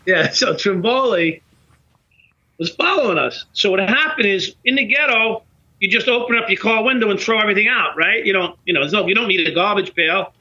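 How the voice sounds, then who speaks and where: A middle-aged man tells a story as a podcast guest, animated and profane, acting out both sides of the dialogue. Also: sits high, brisk. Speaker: podcast guest, former police officer. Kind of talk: casual storytelling in conversation. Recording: dull lo-fi podcast audio.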